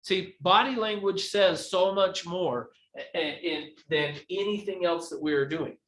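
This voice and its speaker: A man's voice: high voice, a little slow, fairly bright tone. A man teaching a live real estate training class who acts out examples as he explains them. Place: training room. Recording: echoey room.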